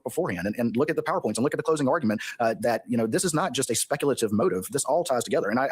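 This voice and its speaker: A man speaks in a very fast, insistent rush, his husky voice pressing each point of his courtroom argument. The sound is dry and close, with no room behind him. He strings long chained sentences together as he argues before the justices. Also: mid-range voice, dry recording. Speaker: prosecutor arguing before a state supreme court.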